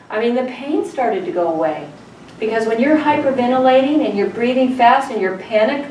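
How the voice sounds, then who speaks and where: A woman's voice: mid-range voice, moderate pace, darkish tone. A middle-aged woman teaching a childbirth class, telling stories and putting questions to her students. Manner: storytelling, asks the class questions. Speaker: childbirth educator. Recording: roomy, distant, faint room noise.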